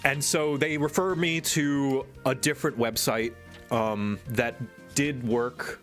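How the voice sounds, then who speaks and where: A man's voice: medium pitch, fairly even intonation, takes it slowly, a bit bright, soft background music. A man streaming live, in casual chat and ranting with exasperation. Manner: exasperated, venting rant. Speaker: streamer and animator.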